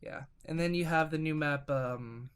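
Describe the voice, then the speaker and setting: A man's voice: fairly high pitch, moderate pace, smooth. A man co-hosting a casual gaming podcast, telling long rambling stories with lots of fillers and restarts. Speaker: podcast co-host.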